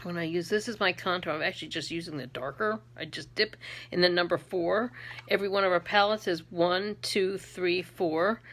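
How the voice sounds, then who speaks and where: Middle-aged lady doing makeup on camera, chatty and giggly, crisp bright voice. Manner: chatty, laughs often, bursts into shrill put-on accents. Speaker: beauty vlogger and makeup seller. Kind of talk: casual makeup tutorial chat.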